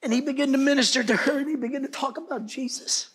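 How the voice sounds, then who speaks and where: A man preaching a sermon, impassioned, swinging between shouted bursts and hushed whispers. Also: very high-pitched, steady tone, quick pace.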